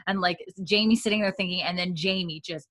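A woman co-hosting a podcast, casually recapping a TV episode as an animated storyteller who swears freely. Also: lowish voice, brisk.

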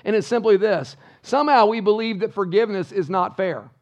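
A man's voice: high voice, fairly quick, darkish tone. A male pastor preaching a sermon in church, emphatic and full of rhetorical questions to the congregation. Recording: dull lo-fi sound.

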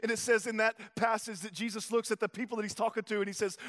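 A pastor in his thirties delivers a sermon in a notably high-pitched voice. He swings between quiet, close passages and loud, driving ones. The sound carries a long hall reverb. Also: little pitch movement, fast talker, hardly any pauses. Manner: preaching with swings from hushed to loud.

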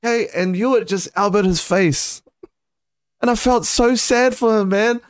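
This is a New man hosting a relaxed podcast. His voice sits notably high for a man. He tells stories in an animated, profane way and laughs often. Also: normal speed, clean tone. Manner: animated storyteller, swears freely, laughs often. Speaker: podcast host. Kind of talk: casual chat.

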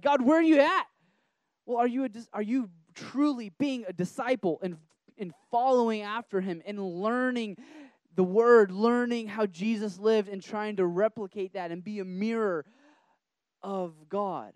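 A young man giving a casual, animated sermon to a group, talking in a conversational way with many restarts. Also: high-pitched, clean tone, no room sound. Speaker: preacher.

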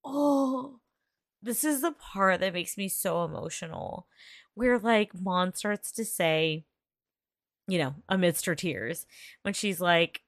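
A woman's voice: on the low side, expressive, measured pace, no echo, clean studio sound. A woman in casual reaction chat, recapping an emotional series scene with laughs and fillers. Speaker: co-host of a reaction show.

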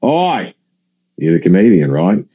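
A man voicing a blunt older Australian cruise regular with an Australian accent, gruff and lecturing. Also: low-pitched, wildly swooping pitch, measured pace, warm tone, lo-fi sound, voice pushed down, heavily acted.

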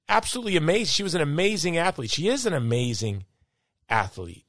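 A man's voice: on the high side, big pitch swings, fast, fairly bright tone, no echo. A male podcast host giving an opinionated monologue, emphatic and worked-up yet still upbeat.

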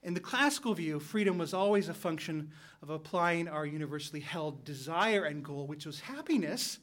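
A man co-hosting a Catholic talk show, explaining ideas in a measured way and reasoning aloud through examples. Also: fairly high pitch, expressive, a bit bright. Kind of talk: conversational philosophical explanation.

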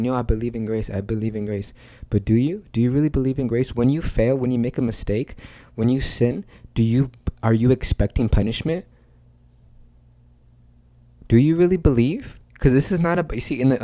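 A man's voice: lowish voice, warm tone, no echo. A man hosting a Christian podcast, preaching in a conversational way with earnest emphasis and repeated phrases.

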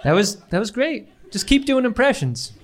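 A man's voice: extremely high pitch, sing-song, moderate pace. A man co-hosting a casual, comedic podcast, wry and teasing, often laughing. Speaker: podcast co-host.

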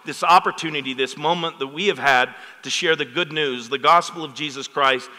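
A man's voice: on the high side, a little fast, bright, forceful tone. A middle-aged man preaching a sermon as pastor, talking with the congregation and asking for amens. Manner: preaches with call-and-response asides to the congregation. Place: church sanctuary. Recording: long hall reverb.

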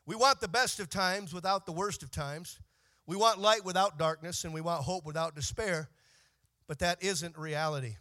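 A man preaching a sermon, moving from quiet, measured reading to shouted, sing-song preaching. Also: fairly high pitch.

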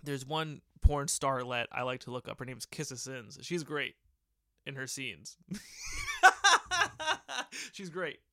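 A man's voice: medium pitch, moderate pace, pushed and bright, dry recording, clean studio sound. A young man hosting a casual solo podcast from his old bedroom, rambling and joking crudely and laughing at his own stories. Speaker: podcast host.

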